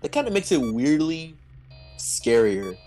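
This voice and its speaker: A man's voice: fairly high pitch, big pitch swings, measured pace, warm tone, poor audio. A man streaming a game with a friend, joking and laughing often as he chats. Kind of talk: casual gaming stream chat.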